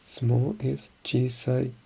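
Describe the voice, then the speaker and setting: A soft-spoken ASMR voice that murmurs and keeps sinking into a whisper, heavy with vocal fry and sitting low and flat in its melody. Words come slowly, repeated under the breath as if practicing alone. The tone stays dark and mellow throughout. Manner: murmured, often dropping to a whisper. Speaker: ASMR creator.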